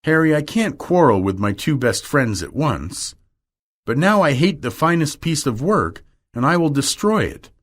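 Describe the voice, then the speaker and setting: A man's voice: a little high, big pitch swings, moderate pace, a bit bright, pitched above the performer's own voice. A man reading aloud and voicing a troubled male painter, speaking in an earnest, urgent way.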